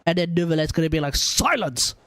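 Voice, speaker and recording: A man's voice: sits high, normal speed, no echo. Nasal-sounding man with a cold. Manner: rambling, joking, repeats himself. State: blocked nose from a cold. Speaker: game streamer. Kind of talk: casual live-stream chat.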